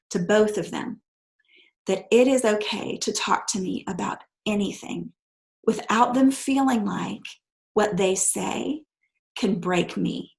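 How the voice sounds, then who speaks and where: A middle-aged woman, a guest and adoptive mother, telling a personal story softly and sometimes dropping to a hushed near-whisper. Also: mid-range voice, creaky, low-quality recording. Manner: soft-spoken, drops to a hushed near-whisper when quoting.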